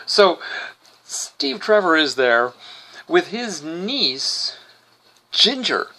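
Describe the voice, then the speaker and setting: A man's voice: high voice, sing-song, drawn-out words, pushed and bright. Wry man recapping an episode. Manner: wry, sarcastic asides. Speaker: podcast host. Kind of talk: casual comic recap.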